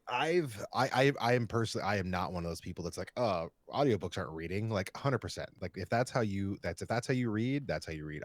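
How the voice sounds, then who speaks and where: A man's voice: deep voice, no echo. A man in his thirties co-hosting a podcast, easygoing and rambling, with lots of "like" and "you know". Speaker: podcast co-host. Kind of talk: casual chat.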